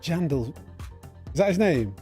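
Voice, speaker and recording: A man's voice: on the high side, animated, a little slow, mellow, faint music behind. A man chatting casually on a live sim racing stream, reading out viewer names and thanking them. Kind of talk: live gaming stream chat.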